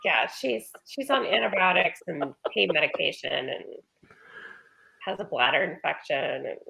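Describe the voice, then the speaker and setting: A woman speaks as a guest on a casual podcast, answering briefly and in a laid-back way. Her voice is husky and gravelly, and she talks slowly. Her pitch rises and falls in a lively way. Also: rough recording. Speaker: podcast guest, legal advisor.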